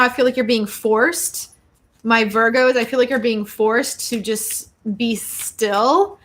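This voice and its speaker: A woman's voice: a little high, a bit bright. Bubbly woman giving tarot readings. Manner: bubbly, exclaiming, chatty with viewers. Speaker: astrology and tarot show host. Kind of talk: live-streamed tarot reading.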